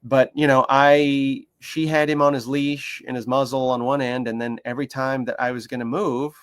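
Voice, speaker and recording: A man's voice: normal speed, smooth. A man who works as a dog behaviour consultant, chatting casually and telling stories passionately, acting out the voices of the people and animals in them. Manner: animated, acts out quoted voices with big pitch jumps; emphatic and passionate. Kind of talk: casual conversational storytelling.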